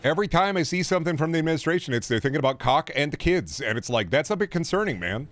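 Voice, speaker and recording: A man's voice: on the high side, animated, quick pace, dry recording. A young man streaming games, chatting casually with sarcastic, profane rants. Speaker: gaming streamer.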